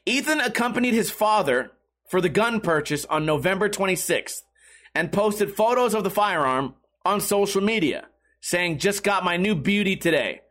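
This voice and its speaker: Young male streamer, high voice, profane and rambling reaction commentary. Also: expressive, moderate pace, a bit bright. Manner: swears constantly, rambling with many restarts. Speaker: streamer reacting to news articles.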